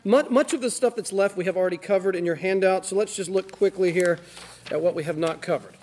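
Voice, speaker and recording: A man leading a church class, telling stories in an energetic, emphatic way. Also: high voice, quick pace, a little hiss or hum. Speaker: class leader. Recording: reverberant hall.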